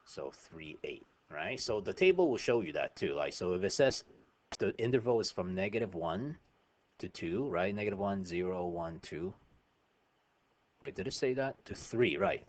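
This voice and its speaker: A man's voice: low voice, darkish tone. A man teaching a math lesson over a screen recording, chatty and informal, often checking in with "right?".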